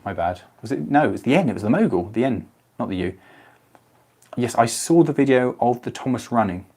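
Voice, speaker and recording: A man's voice: mid-range voice, expressive, a little fast, a little mellow, breathy edge. A young man, chatting casually on a live stream and answering viewers' comments by name.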